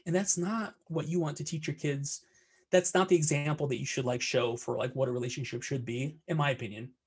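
Husky-voiced young man musing. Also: fairly high pitch, fairly even intonation, a little fast. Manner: thoughtful, filler-heavy. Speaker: podcast co-host. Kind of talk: casual podcast chat.

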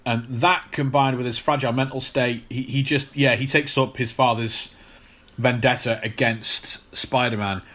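Podcast co-host, man, bright voice, halting explanatory delivery. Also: medium pitch, steady tone. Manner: explanatory, hesitant with many fillers and restarts. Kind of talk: casual chat.

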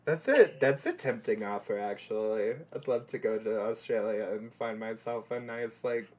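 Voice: medium pitch, animated, a little mellow. A podcast co-host in casual chat, rambling and filling gaps with "like" and "um". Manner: slow, rambling, heavy on "like" and "um".

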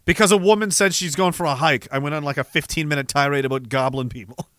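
A man rambles through viewer messages on his livestream, sardonic and quick to swear. His voice sits a little high for a man and has a bright, forceful edge. The sound is dry and close, with no room around it. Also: no room sound. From Canada. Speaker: livestream host. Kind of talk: casual livestream chat reading viewer messages.

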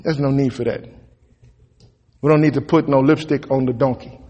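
A man's voice: mid-range voice, steady tone, moderate pace, slightly rough, highs cut off. Emphatic preaching man in a reverberant church. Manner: emphatic, folksy preaching with sudden loud peaks. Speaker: pastor. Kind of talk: sermon. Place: church sanctuary. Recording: long reverb of a church hall.

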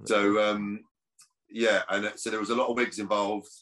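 A man's voice: lowish voice, flat delivery, moderate pace, fairly bright tone. A man, an actor chatting as a podcast guest, rambling with restarts. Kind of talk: casual podcast chat.

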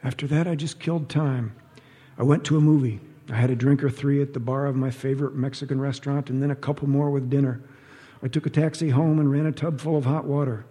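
A man reads a story aloud with dry, wry timing. His voice is husky and mellow. A long reverb trails off behind him as if in a hall. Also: medium pitch, steady tone, fast. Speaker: narrator. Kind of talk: audiobook narration.

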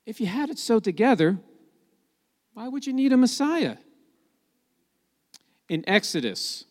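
A man's voice: a little high, darkish tone, long reverb tail. A man preaching a sermon in a conversational, emphatic way, with joking asides.

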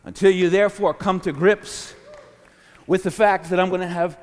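A man preaching a sermon, swinging from booming declarations to hushed, near-whispered asides, with laughs between phrases. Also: fairly even intonation, normal speed. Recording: long hall reverb.

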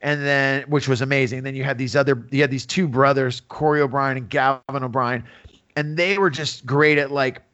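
A Bay Area man in his fifties, a guest in a casual interview, rambles through stories full of fillers and acts out the quotes. His mid-range, fairly bright voice has fairly even intonation at normal speed, on dull lo-fi audio.

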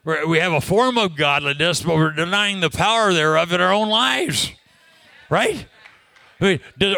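A man preaches to a congregation in a chatty, storytelling manner, often laughing and throwing questions to his listeners. His voice is bright and a little high. The sound is dry and close. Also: expressive, unhurried, creaky, long pauses, dry recording. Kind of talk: sermon with personal story.

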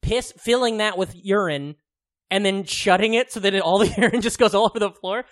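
A man's voice: high-pitched, brisk. A man in his thirties co-hosting a podcast, chatting casually in a rambling, profane way, with lots of fillers and frequent laughs. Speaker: podcast co-host. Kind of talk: casual chat.

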